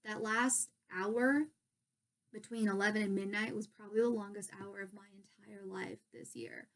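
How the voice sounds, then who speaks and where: A woman's voice: medium pitch, steady tone, moderate pace, creaky. A young woman, a pageant contestant, telling stories in a casual vlog from her bedroom, bubbly and gushing. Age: young adult.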